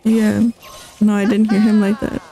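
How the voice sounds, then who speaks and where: A woman's voice: mid-range voice, monotone, moderate pace, poor audio. A woman chatting casually while playing a co-op game, laughing often. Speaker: gamer playing co-op. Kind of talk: casual gameplay chat. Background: game music.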